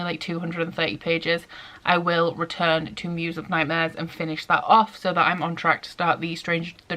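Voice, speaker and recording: A young woman chatting excitedly in a casual reading vlog, full of "like" fillers. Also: fairly low pitch. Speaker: book vlogger.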